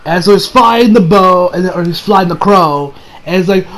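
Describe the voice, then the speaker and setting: A man's voice: sits high, normal speed, a bit bright, low-quality recording. A man giving a casual recap of an anime episode. He rambles and keeps correcting himself. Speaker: anime reviewer.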